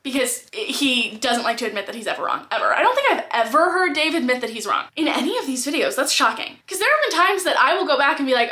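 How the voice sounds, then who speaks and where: A woman's voice: sits high, animated, a little fast, pushed and bright, echoey room. A woman giving candid, blunt reaction commentary on personal finance, swearing freely as she talks.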